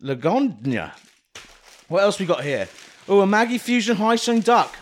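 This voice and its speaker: A man co-hosting a comedy podcast in animated, playful banter. His voice sits a little above average in pitch and moves around a great deal. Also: moderate pace. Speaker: podcast co-host. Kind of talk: comedic casual chat.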